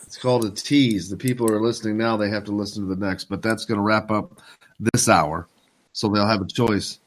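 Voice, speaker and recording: A man's voice: fairly low pitch, steady tone. A man hosting a sports talk radio show in a studio, chatting loosely and teasing listeners. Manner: loose, teasing, quick wrap-up patter. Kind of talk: casual radio chat.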